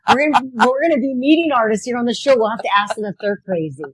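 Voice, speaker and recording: A woman co-hosts a live local broadcast from an outdoor street fair, talking in a casual, playful way and laughing often. Her voice is slightly husky, and the sound is dry and close. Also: fairly high pitch, animated, fast talker, no room sound, poor audio. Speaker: co-host of a live local show.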